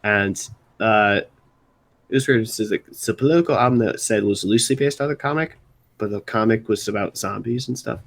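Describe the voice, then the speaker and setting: Hosting the music segment of a live stream, a young man from Baltimore talks in a fairly low, gravelly voice. His casual chat wanders, stalls, and keeps circling back to restart.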